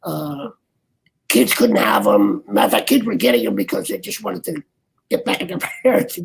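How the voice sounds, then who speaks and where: An older man, an actor guest, chatting in an interview over a video call with a gravelly voice, rambling and restarting his sentences. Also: on the high side, sing-song, poor audio. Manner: rambling, halting, many restarts. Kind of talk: casual interview chat.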